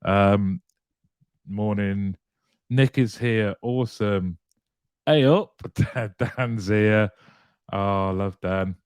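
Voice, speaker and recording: A man hosts a relaxed live stream, welcoming viewers by name and reading out their comments. His voice sits on the low side and sounds close and dry, with no room around it. He keeps things light and chatty, with the odd soft laugh. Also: drawn-out words, long pauses, clean tone, no room sound. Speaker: live show host.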